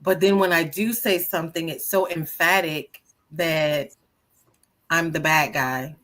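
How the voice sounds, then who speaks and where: A woman's voice: sits low, fairly even intonation, a little slow, fairly bright tone. A woman co-hosting a casual spiritual podcast, telling personal stories and acting out her own shocked reactions. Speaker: podcast co-host.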